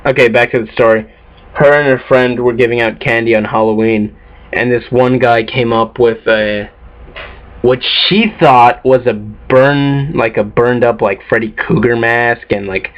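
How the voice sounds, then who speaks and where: A man's voice: mid-range voice, steady tone, unhurried. A teenage boy vlogging in a casual, rambling way, offhand and swearing a lot, tired from lack of sleep. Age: teens. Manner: profane, offhand, self-mocking. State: sleep-deprived. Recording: dull lo-fi home recording.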